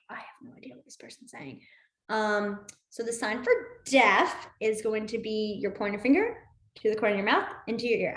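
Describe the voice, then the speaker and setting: Casual woman teacher, kinda high voice, lots of um and like, laughs a bunch. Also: roomy sound. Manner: chatty, laughs often, many fillers. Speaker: sign language teacher. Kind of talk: casual class instruction.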